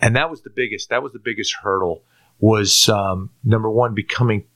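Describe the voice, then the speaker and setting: At normal speed and in a low, bright, forceful voice, a Turkish man shares his conversion story as a guest in conversation. He's a lively storyteller who plays out his own past lines, frequently stumbling into repeated-word restarts.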